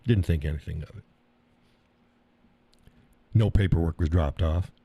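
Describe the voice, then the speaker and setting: A man's voice: low-pitched, unhurried, breathy edge, dry recording, lo-fi sound. A middle-aged American man hosting a live stream, ranting casually in a profane, rambling way and mocking other people's words. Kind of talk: casual storytelling rant.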